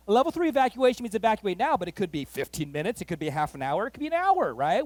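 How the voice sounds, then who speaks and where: A man pastor telling a story in a sermon, animated and acting out the voices of the people in it. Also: high voice, rapid-fire, hardly any pauses, no room sound. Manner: animated, acts out quoted voices, rising excitement. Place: church.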